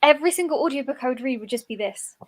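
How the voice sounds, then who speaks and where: A woman writer with a slightly posh English accent, chatting casually in a soft-spoken, low-key way. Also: lively intonation, rapid-fire, a crowd in the background, low-quality recording. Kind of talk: casual chat.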